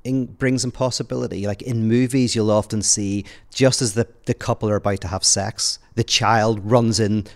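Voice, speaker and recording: A man with a Northern Irish accent talking through ideas on a podcast in a lively storytelling way, often laughing. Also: lowish voice, normal speed, few pauses. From Northern Ireland. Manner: animated storyteller, laughs as he talks. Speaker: podcast guest. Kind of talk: conversational podcast talk, telling a joke.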